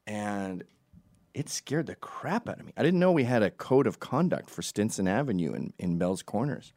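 A middle-aged man from Canada telling a funny personal story in a loose, animated way, acting out the voices of everyone in it. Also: lowish voice, normal speed. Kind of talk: comedic storytelling.

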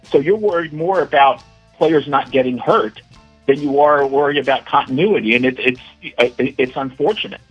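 A man's voice: mid-range voice, moderate pace, breathy edge, no room sound, highs cut off, faint music behind. A man calling in as the show's regular guest analyst, talking emphatically and stumbling over repeated words as he starts his points. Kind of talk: phone-in sports analysis.

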